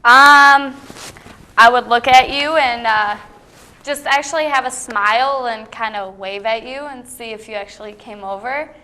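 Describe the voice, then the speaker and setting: A woman's voice: fairly high pitch, a little slow, bright, forceful tone. A young woman answering questions as a bachelorette contestant on a comedic dating game show, hesitant and easygoing, with frequent "um"s. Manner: hesitant, filler-heavy, easygoing.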